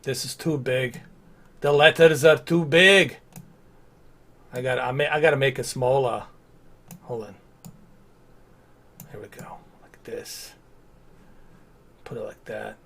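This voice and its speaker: A man's voice: mid-range voice, slow pace, pauses often, fairly bright tone. A man chatting casually on a live game stream, rambling with lots of fillers and restarts.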